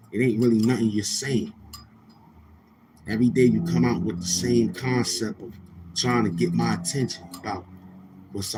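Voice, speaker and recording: Over some background noise, a male livestream host with a lowish voice delivers a loose, casual rant. He keeps restarting and mocks the voices of people he quotes.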